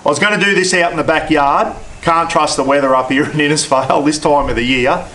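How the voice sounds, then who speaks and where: A man's voice: a little high, fairly even intonation, fairly quick, bright, forceful tone. A man with an Australian accent chatting casually in a folksy, colloquial way as he presents a cook-up in his home shed. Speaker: cooking vlogger. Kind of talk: casual outdoor cooking vlog.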